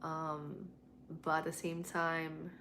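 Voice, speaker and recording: Lowish-voiced woman chatting on a livestream. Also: monotone, slow, pushed and bright, slight background noise. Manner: mixes english and spanish, swears freely, candid. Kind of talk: casual livestream chat. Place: home at night.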